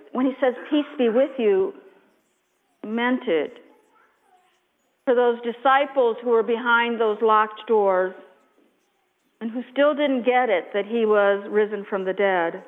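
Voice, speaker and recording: A woman pastor delivers a sermon in a high, unhurried voice, gentle and sometimes hushed. The sound is thin and narrow like a phone line. Her words ring out in a long hall echo. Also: lively intonation. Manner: slow, gentle, drops to a hush on repeated blessings.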